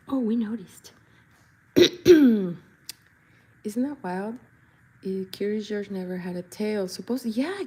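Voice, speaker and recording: A woman's voice: mid-range voice, dark tone, breathy edge. A young woman chatting playfully while she paints, reading comments and breaking into silly voices and jingles. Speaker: body painter and vlogger. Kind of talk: casual chat while painting.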